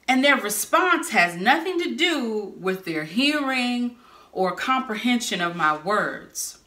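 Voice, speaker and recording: A woman preaching a sermon, telling stories with lively bursts of shouting. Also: medium pitch, a little slow. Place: church sanctuary or hall. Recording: echoey room.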